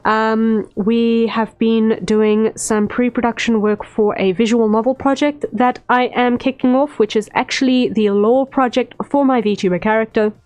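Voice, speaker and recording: Slow, rambling woman streamer. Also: mid-range voice, a little mellow. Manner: unhurried, rambling, many "um" fillers. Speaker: streamer, VTuber artist. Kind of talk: casual livestream chat while drawing. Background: faint stream music.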